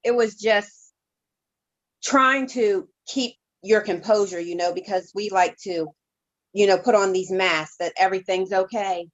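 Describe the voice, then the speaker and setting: A woman reverend telling her personal testimony as an interview guest, in a halting, heartfelt way with many restarts. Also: mid-range voice, muffled recording.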